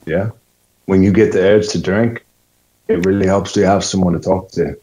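A man's voice: low-pitched, steady tone, moderate pace, dark tone, lightly acted, low-quality recording. A man playing a friendly recovering alcoholic, attempting a Scottish accent in a rehearsed scene.

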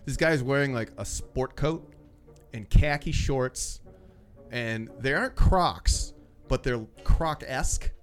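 A man recounts a run-in at a comedy club in casual, profane storytelling. He slips into other people's voices as he tells it. Quiet music plays in the background. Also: mid-range voice, slow. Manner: profane, animated, acts out quotes. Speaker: comedy club door staff.

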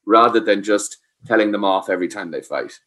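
Low-voiced man giving parenting advice. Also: brisk, a bit bright. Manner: explains patiently, asks "does that make sense?". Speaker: parenting expert. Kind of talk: advice talk.

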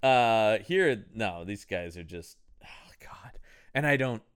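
Animated podcast host, quick to laugh. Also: male voice, fairly low pitch, clear, resonant tone. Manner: animated, laughs often, quotes movie lines in mock voices. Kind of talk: casual movie-review chat.

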